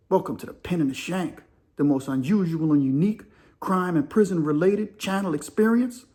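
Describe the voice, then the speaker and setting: A man with a somewhat high voice tells a prison story in loose, casual street slang. He leans hard on his points and keeps firing rhetorical questions at the listener. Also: darkish tone. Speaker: host of a crime and prison storytelling channel.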